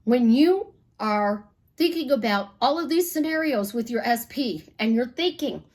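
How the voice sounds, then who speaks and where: A woman from Chicago, a life coach, telling stories bluntly in an animated, casual monologue with some swearing. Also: high voice, unhurried, hardly any pauses.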